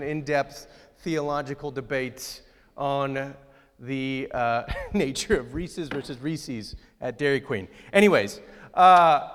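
A man's voice: on the high side, a bit bright, in a large hall. A pastor giving a conversational, joking sermon and asking his congregation questions. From outside Ohio, United States.

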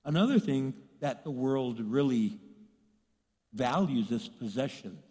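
A middle-aged male pastor from Texas preaching a sermon to a packed church, swinging from hushed asides to fired-up shouting. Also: medium pitch, expressive, unhurried, in a large hall.

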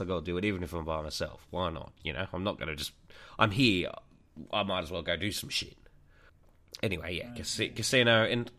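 A man's voice: low voice, pushed and bright. A young man co-hosting a casual podcast, rambling through a crude anecdote with plenty of swearing. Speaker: podcast co-host.

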